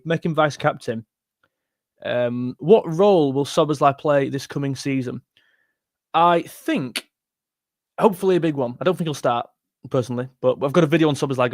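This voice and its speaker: A man's voice: fairly high pitch, no room sound, clean studio sound. A young man hosting a football live stream, chatting casually and bluntly while reading viewer comments. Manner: chatty, blunt, self-deprecating, thanks donors warmly. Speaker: football livestream host reading chat.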